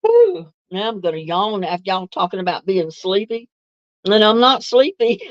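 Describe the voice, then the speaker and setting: A woman's voice: mid-range voice, sing-song, moderate pace, dry recording, highs cut off. A woman hosts a casual live stream, chatting easily with viewers and laughing often. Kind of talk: casual live chat answering viewer comments.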